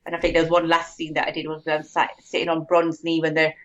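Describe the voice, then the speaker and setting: A woman's voice: deep voice, monotone, fast talker, muffled recording. A British woman talking casually as a podcast guest, chatty and laughing often, acting out little quotes. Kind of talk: casual chat.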